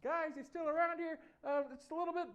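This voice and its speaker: A man's voice: very high-pitched, level tone, quick pace, highs cut off, pitched above the performer's own voice. A man voicing a young shepherd boy who is brave, earnest and eager. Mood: bewildered.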